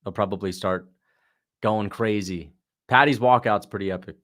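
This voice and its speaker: A man's voice: lowish voice, normal speed, fairly bright tone. A man hosting a casual watch-along livestream, chatting in a slangy way and answering viewers' questions. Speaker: livestream host.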